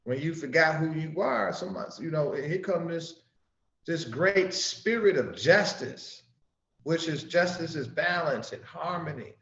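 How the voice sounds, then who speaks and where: A man preaches in an unhurried, deliberate way, his voice swinging widely in pitch as he leans on words and then drops to a hush. The sound is roomy and a little dull, as if captured on modest equipment. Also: expressive. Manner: slow, emphatic preaching with sudden rises and soft drops. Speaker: Sunday school teacher. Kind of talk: sermon-style scripture teaching.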